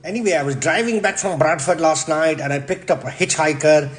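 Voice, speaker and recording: A man with a Yorkshire accent hosting a comic cooking demonstration, brash and deadpan, swearing constantly as he talks through the steps. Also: fairly high pitch, brisk. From Yorkshire, England. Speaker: cooking show host.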